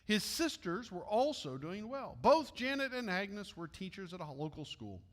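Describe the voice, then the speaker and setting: A man's voice: high-pitched, very animated, normal speed, in a large hall. A man with a Midwestern US accent reading a missionary story aloud at church, with friendly asides to his listeners.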